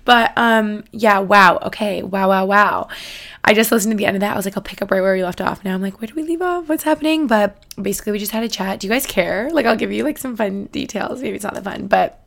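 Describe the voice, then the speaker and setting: Bubbly twenty-something woman with vocal fry. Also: mid-range voice, fast. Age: 20s. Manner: bubbly and excitable, lots of filler "like". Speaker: podcast host. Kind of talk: casual chat.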